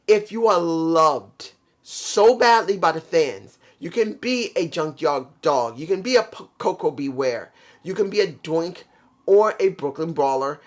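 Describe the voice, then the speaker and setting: With a high voice he admits is worn and messed up, this man reviews a show in a loose, opinionated monologue. He's blunt, rants, and swears without holding back.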